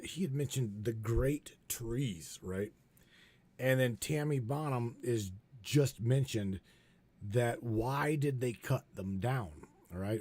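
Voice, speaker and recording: A man hosts a live stream in casual chat. His mellow voice is hesitant and halting, with frequent restarts. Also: mid-range voice.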